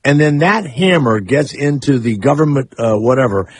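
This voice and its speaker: A man's voice: mid-range voice, expressive, normal speed, husky, no room sound. A man hosting a radio talk show, rambling and opinionated in casual chat. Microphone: studio microphone.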